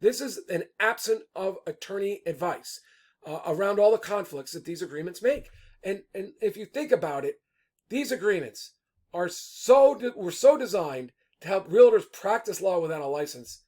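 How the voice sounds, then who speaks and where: A man talking casually and off the cuff as an attorney and broker, animated and rambling, often stopping short and restarting. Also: sits high, normal speed. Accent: Californian English. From California. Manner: animated, rambling, self-interrupting. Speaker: attorney and real estate broker. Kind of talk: casual off-the-cuff video talk.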